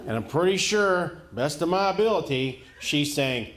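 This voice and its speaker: A middle-aged man from the rural United States doing a stand-up comedy set, telling folksy, deadpan stories and chuckling at his own punchlines. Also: fairly high pitch, moderate pace. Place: comedy venue stage before a live audience. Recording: echoey live venue with loud audience laughter.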